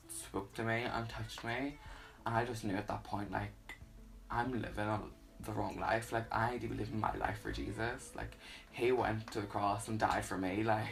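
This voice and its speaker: A young man, sharing his personal faith testimony in an earnest, halting way with many fillers. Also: fairly low pitch, a bit bright, rough recording. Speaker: YouTuber.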